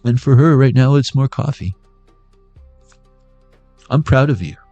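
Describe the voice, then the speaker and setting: A man's voice: medium pitch, animated, a little slow, warm tone, lo-fi sound, soft background music. A man giving a casual, joking tarot reading on a livestream. He rambles and swears freely. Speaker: tarot reader.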